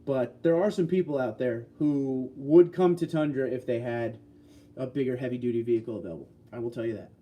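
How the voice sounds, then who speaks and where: A man's voice: medium pitch, brisk, mellow. A man in his sixties hosting a casual livestream, reading viewer comments and answering in a blunt, folksy, opinionated way. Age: 60s. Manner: blunt, folksy, opinionated, reads out chat messages. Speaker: livestream host.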